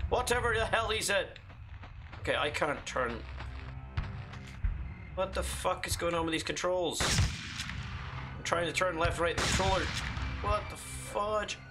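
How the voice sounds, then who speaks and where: A man streaming a retro war game, joking and swearing freely as he reacts aloud to the gameplay. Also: high voice. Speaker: gaming streamer. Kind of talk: casual live game commentary.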